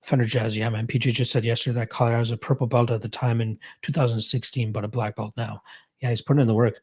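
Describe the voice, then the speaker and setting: A man's voice: medium pitch, little pitch movement, fast talker, darkish tone, breathy edge. A young Canadian man hosting a casual live stream, reading chat and answering betting questions in a laid-back, chuckling way.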